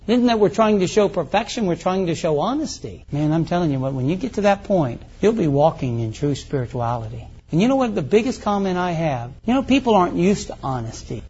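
A man's voice: high-pitched, a little mellow, husky. A middle-aged male pastor preaching a folksy, conversational sermon full of rhetorical questions. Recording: muffled lo-fi recording.

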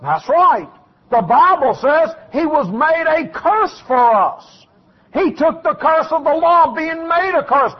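Male preacher, very high husky voice, fiery folksy delivery, muffled lo-fi recording. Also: lively intonation, takes it slowly. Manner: folksy, shouting at peaks then dropping low. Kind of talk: fiery sermon.

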